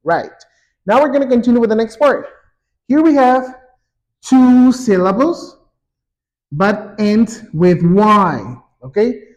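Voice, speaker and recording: A man teaching an English grammar lesson, saying example words twice, slowly and clearly. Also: sits high, expressive, highs cut off. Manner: slow and repetitive, drawing out example words.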